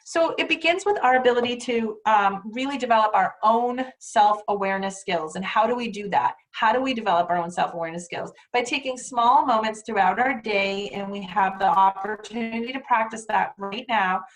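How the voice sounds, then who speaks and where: A woman's voice: mid-range voice, brisk, hardly any pauses. A woman presenting a teacher training session, talking earnestly and animatedly with frequent rhetorical questions. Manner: earnest, animated, acts out quoted dialogue. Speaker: workshop presenter.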